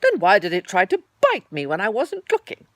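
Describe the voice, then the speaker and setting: A woman voicing a bouncy, cheerful young male tiger, with a loud, high, exuberant voice. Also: huge pitch swings, fairly quick, no room sound. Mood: boastful.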